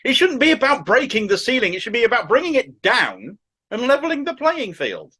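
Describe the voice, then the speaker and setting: A man's voice: extremely high pitch, very animated, brisk, bright, forceful tone, husky. A middle-aged man from Cornwall with a thick Cornish accent, giving sardonic, opinionated political commentary to camera. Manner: sardonic, mocking asides.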